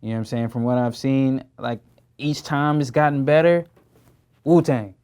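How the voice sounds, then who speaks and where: A man's voice: mid-range voice, normal speed, clear, resonant tone. A young man in his twenties, an actor talking casually in a studio interview, loose and slangy with lots of fillers. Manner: relaxed, slangy, many fillers. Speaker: actor guest.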